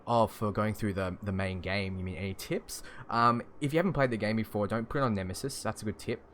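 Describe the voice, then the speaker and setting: A man's voice: lowish voice, fast talker, fairly bright tone, a little hiss or hum. A young Australian man with an Australian accent, casually chatting and chuckling as he answers stream chat. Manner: chatty and laid-back, chuckling often.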